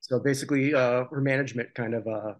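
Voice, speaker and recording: A man's voice: mid-range voice, fairly even intonation, quick pace, dull audio. A man co-hosting a podcast in a casual chat about old TV, rambling and joking with many restarts. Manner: rambling, self-correcting, jokey. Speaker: podcast co-host.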